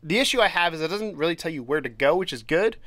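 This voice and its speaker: Podcast co-host, man, pitched a bit high, rambling casual chat, dry close mic. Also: animated, quick pace, fairly bright tone, dry recording. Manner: rambling, with many restarts and laughs. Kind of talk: casual chat reviewing a game.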